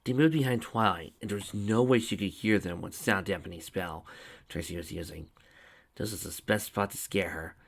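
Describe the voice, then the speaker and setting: A man reading a fan fiction story aloud at a steady, even pace. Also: deep voice, moderate pace, creaky. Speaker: story reader.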